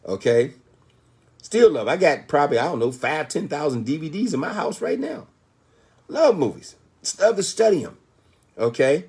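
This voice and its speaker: A man's voice: on the high side, sing-song, moderate pace, gravelly, pauses often, a little mellow, husky. An older man giving an emphatic motivational talk, asking rhetorical questions and answering them himself, with frequent "Okay?" checks. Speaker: motivational speaker.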